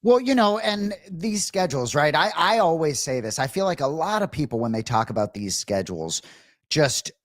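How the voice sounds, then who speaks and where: A man's voice: a little high, moderate pace, no room sound. A man co-hosts a sports talk show in a voice that swings up and down a lot. He hedges and circles back often, and the studio sound is dry and close. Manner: lively, hedging, keeps saying right.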